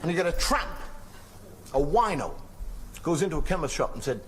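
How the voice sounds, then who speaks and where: Older comedian spinning wry tales. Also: male voice, fairly high pitch, sing-song, brisk, pauses often, fairly bright tone. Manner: wry, rambling anecdotes with put-on quoted voices. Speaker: stand-up comedian. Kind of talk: stand-up storytelling. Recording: noisy stage recording.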